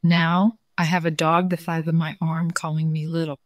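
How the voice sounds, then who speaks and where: A woman voicing a young male bear cub who is kind and gently teasing, in a children's storybook reading. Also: sits low, little pitch movement, normal speed, dry recording, clean studio sound, close to an everyday voice. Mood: earnest.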